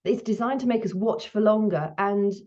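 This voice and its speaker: A middle-aged woman hosting her own menopause video, talking candidly to camera while still shaken, her breathing high. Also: normal speed, warm tone. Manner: chatty, candid, laughs now and then. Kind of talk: casual talk to camera. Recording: slightly dull lo-fi sound.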